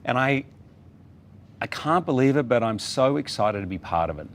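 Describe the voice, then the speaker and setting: A man with an Australian accent, a guest in a casual interview, telling a story with lively acted quotes. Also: mid-range voice, normal speed, a little hiss or hum. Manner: animated storyteller, acts out quotes. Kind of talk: casual chat.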